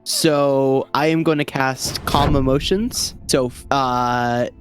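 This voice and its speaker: A man's voice: mid-range voice, fairly even intonation, faint music behind. Man working through a spell aloud. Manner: thinking aloud, halting. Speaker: player. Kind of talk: casual tabletop play.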